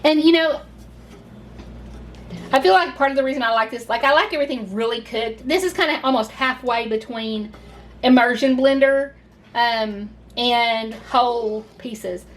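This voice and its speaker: A woman's voice: a little high, normal speed, slight background noise. Gushing Southern woman cooking at home. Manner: chatty and gushing, says y'all a lot. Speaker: cooking channel host. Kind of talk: casual cooking video.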